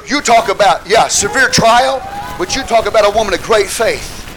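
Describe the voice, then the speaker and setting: A man preaching a sermon with fervor, rising at times to shouts and calling out hallelujah to the congregation. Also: sits high, moderate pace, crowd noise, rough recording. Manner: calls out hallelujah, asks the congregation questions.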